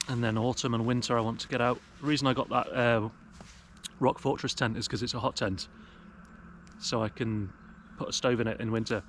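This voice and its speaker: There's a little hiss or hum as a young British man with a medium-pitched, fairly bright voice vlogs while sitting in woodland. Recording on an action camera, he chats casually to the lens, cracking rambling, self-mocking jokes with a wry edge.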